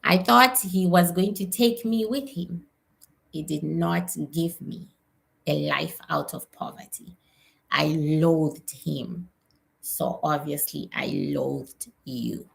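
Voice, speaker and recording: A woman medium voicing her late mother's spirit, who confesses resentment in a low, slow and gravelly voice. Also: heavily acted. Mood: bitter confession.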